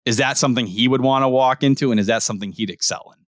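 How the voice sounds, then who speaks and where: A man co-hosting a podcast, talking sports in casual, profane, animated chat. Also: medium pitch, no room sound, clean studio sound. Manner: animated, profane, rapid-fire opinions. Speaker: podcast co-host.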